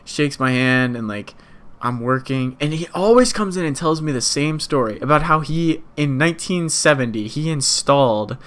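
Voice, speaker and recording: A man's voice: fairly high pitch, normal speed, a bit bright. A young man co-hosting a podcast, telling a story in casual chat, laughing often and swearing freely. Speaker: podcast co-host.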